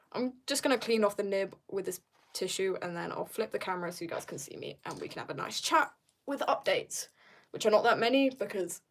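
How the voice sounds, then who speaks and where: A woman's voice: mid-range voice, gravelly. A teenage girl chatting casually on a drawing livestream, rambling and laughing at herself as she tells stories. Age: teens. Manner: rambling, self-mocking, giggly storytelling. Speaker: streamer.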